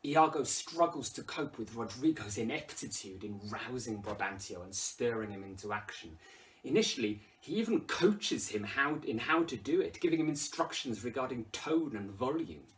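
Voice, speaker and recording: A man's voice: mid-range voice, normal speed, far from the mic. A man with an English accent explaining a play, reading quoted lines aloud with dramatic emphasis. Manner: expressive, rises loudly when quoting lines. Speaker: English literature teacher. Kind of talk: lesson commentary with dramatic readings.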